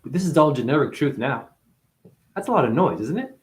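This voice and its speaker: Speaking briskly with big swings in pitch, a man who suffers chronic pain wanders through a spiritual monologue, jumping from one thought to the next. His frequent swearing comes out sometimes as shouting, sometimes as low muttering.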